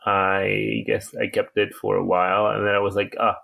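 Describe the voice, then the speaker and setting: A man talking slowly and thoughtfully in a casual film club discussion, pausing often and restarting his sentences over a video call. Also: on the low side, flat delivery, vocal fry, a bit bright. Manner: hesitant, thoughtful, many pauses and restarts.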